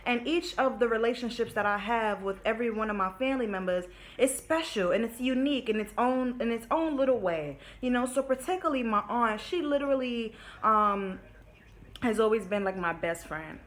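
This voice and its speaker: A woman's voice: on the high side, moderate pace. Emotional young woman telling a story. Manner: emotional, candid, swearing, talks straight to viewers. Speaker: vlogger. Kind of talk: casual storytime vlog.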